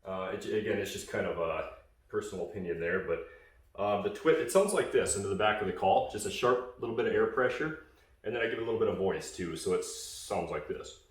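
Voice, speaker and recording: A man's voice: on the low side, lively intonation, a little fast, very echoey, recorded from a distance. A man casually explaining goose calling in a hunting call tutorial, rambling with fillers and restarts.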